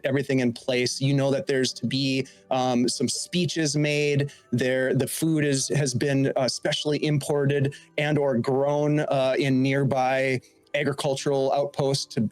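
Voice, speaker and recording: A man narrating a sci-fi tabletop game as game master, describing scenes in a halting way with many restarts. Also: medium pitch, no room sound.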